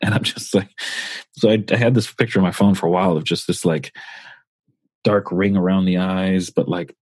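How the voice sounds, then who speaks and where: Husky-voiced man telling a rambling story. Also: deep voice, fairly even intonation, normal speed, darkish tone, dry recording. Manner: rambling, profane, full of fillers. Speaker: podcast co-host. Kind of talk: casual storytelling.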